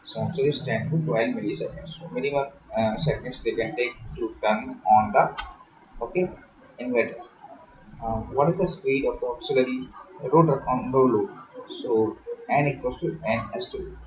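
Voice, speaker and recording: A male exam tutor rattles through questions at a very fast clip and answers each one briefly. His voice sits at a middle pitch and carries the echo of a bare room, with a faint hiss underneath. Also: a little mellow. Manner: reads questions then answers briefly, switching into Hindi explanations. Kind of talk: solved-paper walkthrough. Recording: echoey room, faint background noise.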